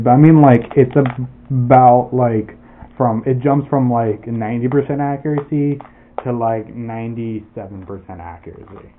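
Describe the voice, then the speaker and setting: A man casually demoing airsoft gear, rambling and swearing with lots of restarts. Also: medium pitch. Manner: rambling and profane, with frequent restarts. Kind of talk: casual product demo. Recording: tinny phone-like audio with faint noise.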